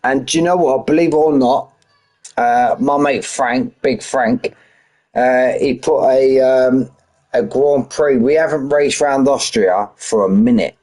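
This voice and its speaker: A man's voice: mid-range voice, a little slow, a little mellow. A middle-aged man chatting casually on a stream before commentating a sim racing league, full of banter and greeting viewers as mate. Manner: chatty, banter-heavy, greets chat by name, says mate a lot.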